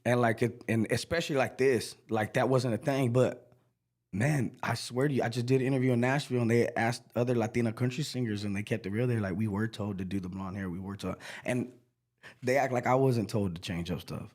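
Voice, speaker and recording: A man's voice: mid-range voice, fairly quick, a little mellow. Middle-aged male singer as interview guest; casual, slangy, acts out quotes.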